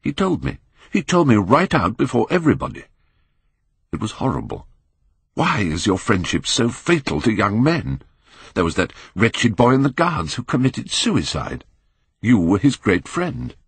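A man's voice: huge pitch swings, moderate pace, breathy edge, dry recording, full character voice. A man reading as a grave, earnest painter. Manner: grave, pleading, deep-voiced. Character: earnest Victorian male painter, grave and troubled. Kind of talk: audiobook character reading.

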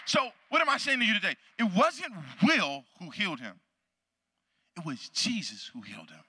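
A man preaching a sermon in a church, telling a story dramatically and swinging from loud shouts to hushed near-whispers. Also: sits high, very animated, normal speed, husky, big-room sound. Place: church sanctuary.

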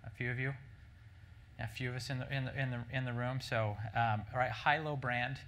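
A middle-aged man, a marketing executive, telling stories to a breakfast audience in an animated way, with many restarts and "right?" asides. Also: mid-range voice, a little fast. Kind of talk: conference keynote storytelling. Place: breakfast event room before an audience.

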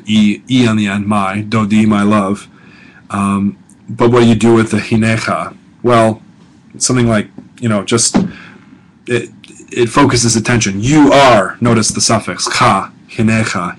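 A middle-aged man lectures as a professor. He speaks slowly in a somewhat low voice, repeating each word and explaining it with deliberate care. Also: fairly bright tone, low-quality recording. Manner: slow, deliberate, repeats words and explains them. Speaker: professor teaching a language course. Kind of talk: recorded lecture.

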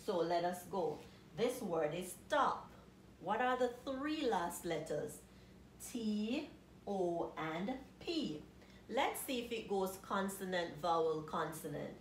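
A woman teaching a grammar lesson to children, patiently spelling out letters and asking questions. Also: on the low side. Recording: echoey room with faint noise.

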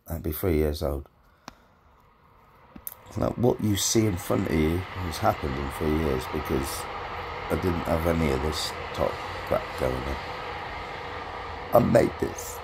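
Gravelly gardener rambling and swearing. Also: male voice, sits low, darkish tone. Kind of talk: casual vlog chat.

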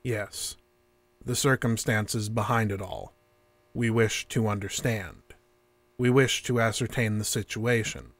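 A stiff, formal interrogator. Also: male voice, fairly low pitch, measured pace, no room sound. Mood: calm. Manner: flat, formal, repetitive phrasing. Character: calm, stiff male interrogator, unsettling. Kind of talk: audio drama acting.

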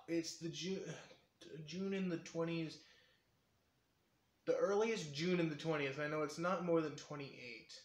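A man's voice: fairly high pitch, a bit bright, reverberant. A man chatting casually in a vlog, rambling and correcting himself, his throat strained and sore. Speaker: vlogger.

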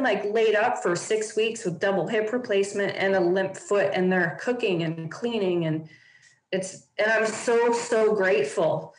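A woman's voice: mid-range voice, echoey room, a little hiss or hum, poor audio. A woman guest on a podcast, telling a personal story openly and earnestly, with lots of casual fillers.

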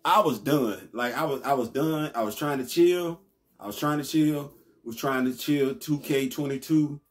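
A man hosting his own vlog, talking in a rambling, slangy, animated way that rises high when he gets frustrated. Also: moderate pace, faint music behind. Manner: rambling, slangy, laughs often. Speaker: vlog host. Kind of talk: casual ranting vlog.

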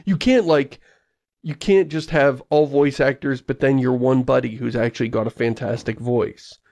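Gravelly-voiced man hosting a podcast. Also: medium pitch, no echo. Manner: chatty, animated, quick asides. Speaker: podcast host. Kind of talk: casual podcast chat.

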